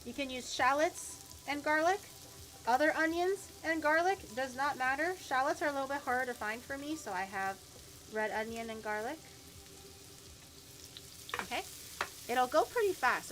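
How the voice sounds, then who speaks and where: A woman's voice: high voice, normal speed, fairly bright tone, slight background noise. A woman vtuber chatting casually to her chat while cooking at home, with frequent swearing and stuttered, repeated words. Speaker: vtuber streamer. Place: home kitchen.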